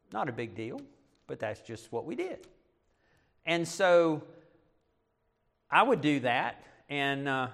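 A middle-aged male pastor preaching a sermon, animated, with self-deprecating asides. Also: fairly high pitch.

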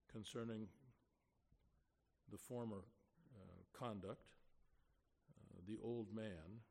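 Man preacher with a lowish voice, conversational sermon, rhetorical questions, drops quiet for emphasis.

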